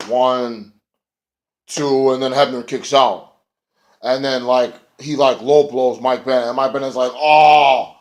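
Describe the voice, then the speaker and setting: A man's voice: medium pitch, fairly even intonation, measured pace. Young guy ranting about wrestling, cursing, lots of ums. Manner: rambling, profane, filler-heavy. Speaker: wrestling reviewer. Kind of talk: casual chat.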